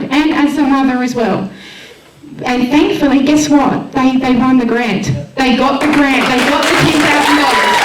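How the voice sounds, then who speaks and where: An Australian woman speaking to a community event crowd, heartfelt and enthusiastic as she pitches her volunteer radio station. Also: very noisy. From Western Australia. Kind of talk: emotional public speech at a launch event. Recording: echoey room, voice far from the mic.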